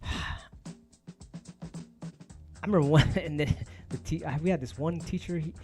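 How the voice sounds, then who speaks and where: A man's voice: a little high, fast, darkish tone, soft background music. A man hosting his own stream, ranting casually to viewers in heated, profanity-laced street slang. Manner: emphatic, heated. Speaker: DJ and stream host.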